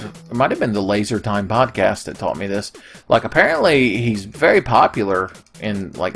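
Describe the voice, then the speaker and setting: A man's voice: mid-range voice, creaky, a bit bright. A man hosting a gaming video, rambling and profane in casual commentary. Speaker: gaming channel host.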